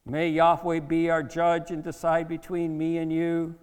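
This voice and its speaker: A man's voice: on the high side, completely flat delivery, unhurried, smooth, big-room sound, close to an everyday voice. Man acting out an impassioned young warrior pleading with a king. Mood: indignant. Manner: impassioned, pleading, loud declamation.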